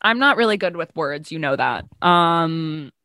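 A woman's voice: sits low, expressive, a little slow, bright, forceful tone, no echo. A woman co-hosting a podcast, bantering casually and acting out quoted lines. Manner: bantering, acts out quoted voices. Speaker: podcast co-host.

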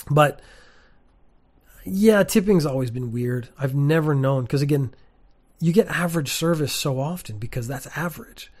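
A man's voice: on the high side, moderate pace, darkish tone. Opinionated man, casual talk. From Canada. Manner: opinionated, candid, with frequent "like" and "uh" fillers. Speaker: teacher and vlogger. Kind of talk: casual monologue to camera. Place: sparse room at home.

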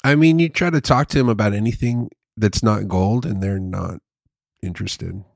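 Casual co-host, male, gravelly and low, loves a running gag. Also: normal speed, dry recording, studio quality. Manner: jokey, goes into comic bits and repeats them. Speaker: podcast co-host. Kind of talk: casual chat.

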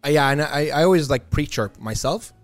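A man's voice: fairly high pitch, lively intonation, a little fast, soft background music. A man co-hosting a casual podcast, joking about himself and rambling as he talks. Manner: jokey, self-deprecating and rambling. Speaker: podcast co-host.

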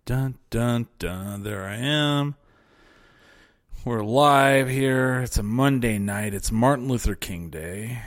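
A man's voice: mid-range voice, takes it slowly, dry recording, studio quality. A man hosting a live podcast in casual chat, joking and slipping into mock voices. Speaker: podcast host.

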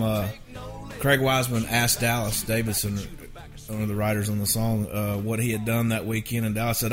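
A middle-aged man, a songwriter telling rambling, animated anecdotes in a casual interview. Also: fairly low pitch, brisk, faint music behind. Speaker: songwriter guest.

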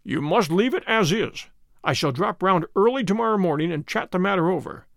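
Male reader's unhurried detective, assured, fairly high voice. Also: animated, creaky, a bit bright, dry recording, clean studio sound, full character voice. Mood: calm authority. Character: calm, commanding male detective.

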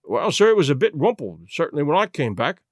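A man's voice: a little high, very animated, fairly quick, no echo, studio quality. A man reading a story aloud and voicing a big, penitent police constable who rambles apologetically. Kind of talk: audiobook reading.

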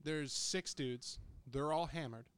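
A man's voice: on the high side, takes it slowly, a bit bright, clear, resonant tone. A young man on a podcast telling a story in casual, blunt, profanity-laced chat, right up on the microphone. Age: young adult. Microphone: close studio microphone.

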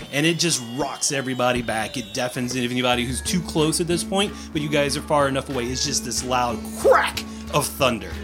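A man running a tabletop game as game master, narrating in a lively, casual, playful way. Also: mid-range voice.

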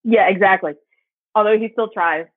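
A woman's voice: medium pitch, moderate pace, no echo, narrow, tinny audio. A young woman with a Southern American accent, casually chatting and telling stories as a podcast co-host, giggling often. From Southern United States. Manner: giggly, animated storyteller. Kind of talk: casual chat.

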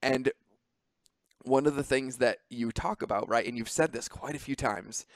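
A man hosting a podcast, talking in a lively, informal way and swearing freely. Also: mid-range voice. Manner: animated, swearing, quick asides. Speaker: podcast host. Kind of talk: casual podcast conversation.

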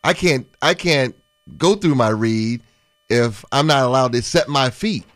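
Brief: male sports radio co-host, ex-quarterback, mid-pitched, analytical, dry close mic. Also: a little slow, a bit bright, no echo. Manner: explanatory, analytical.

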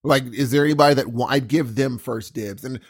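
A man's voice: medium pitch, fairly quick, husky. A man in casual chat who tells stories animatedly and laughs easily. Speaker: guest.

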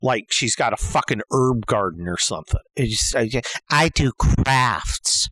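An older man telling a comedic story as a profane, exasperated rant, dropping to low mutters and jumping to yelled outbursts. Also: moderate pace, breathy edge, no echo, low-quality recording.

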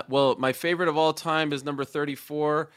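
A man's voice: fairly high pitch, fairly even intonation, moderate pace, a bit bright, dry recording, clean studio sound. Effusive, emotional man gushing on a call. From Canada. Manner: effusive, emotional, tumbling restarts. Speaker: guest. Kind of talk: excited phone-in chat.

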